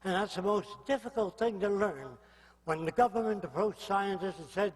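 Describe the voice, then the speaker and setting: An older man delivers a public lecture in a blunt, provocative way, often pausing to ask his listeners whether they follow. His voice sits high for a man. Long reverb from the hall trails behind his words.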